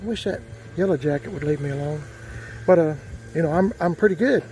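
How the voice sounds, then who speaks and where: A man's voice: fairly high pitch, a little fast, dark tone, slight background noise, poor audio. A man telling a rambling, folksy story outdoors, with lots of fillers and restarts. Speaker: vlogger. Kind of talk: casual storytelling.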